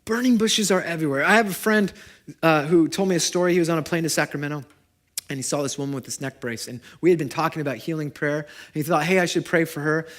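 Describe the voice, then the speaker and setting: Brief: male pastor, thirties, lively sermon storytelling, slightly high-pitched voice. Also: fast. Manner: animated, swings from loud emphasis to quiet storytelling. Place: church service.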